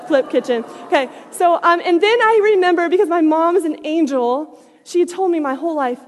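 A young adult woman telling a lively personal story, laughing often and swinging between loud bursts and hushed asides. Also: very high-pitched, brisk, long reverb tail.

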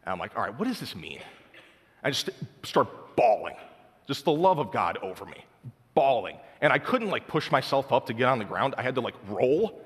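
A man's voice: medium pitch, big pitch swings, normal speed, husky, in a large hall. A young man sharing a personal faith testimony in casual, heartfelt storytelling full of filler words. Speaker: speaker sharing his testimony.

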